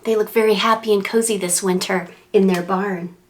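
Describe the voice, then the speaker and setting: A woman librarian reading a picture book aloud to preschoolers, animated and sing-song, making animal and wind sounds as she goes. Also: mid-range voice, moderate pace. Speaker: children's librarian.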